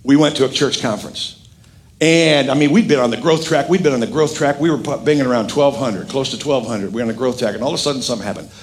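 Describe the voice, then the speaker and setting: A middle-aged man preaching a sermon as pastor, animated and emphatic with frequent jokes. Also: medium pitch, quick pace, slight background noise.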